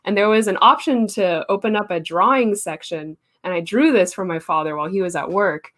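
A woman's voice: mid-range voice, fairly quick, a bit bright. A young woman artist in a casual interview, chatty and laughing often, with many fillers.

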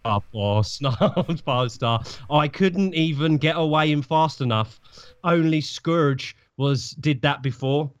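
A man's voice: fairly high pitch, slow pace, clear, resonant tone, lo-fi sound. Amused man co-hosting. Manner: amused, teasing, laughing. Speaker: podcast co-host. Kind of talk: comedic reading of fan fiction.

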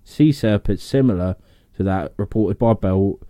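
A man's voice: fairly low pitch, a little slow, dark tone, no echo, clean studio sound. A man hosting a podcast, chatting casually, reading out facts and joking and swearing between laughs. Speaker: podcast host.

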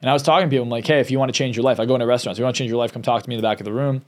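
A man's voice: mid-range voice, fairly even intonation, very fast, a little mellow. A man, a success coach and hypnotist, telling a candid, emotional personal story as a podcast guest, often restarting his sentences.

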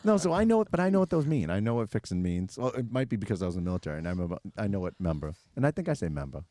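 A man with a thick Boston accent hosts a casual podcast, joking and rambling as he cuts himself off mid-thought. His voice sits low and mellow, and he talks quickly. The sound is dry and close. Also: big pitch swings, no echo. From Boston area. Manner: joking, rambling, self-interrupting. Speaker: podcast host. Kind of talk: casual chat.

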